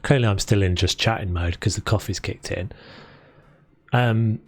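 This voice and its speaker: This man speaks at a normal pace in a fairly low voice, with no echo. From South London and carrying a London accent, he rambles casually on a live stream while building in a game, frequently starting his sentences over.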